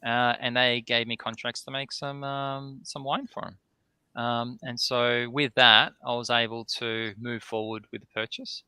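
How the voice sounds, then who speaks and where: A man's voice: mid-range voice, level tone, measured pace, pushed and bright, smooth, no echo. A man, a distillery owner, telling a long anecdote on a podcast, acting out both sides of old conversations and ending many sentences with "right?". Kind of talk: casual storytelling in a podcast interview.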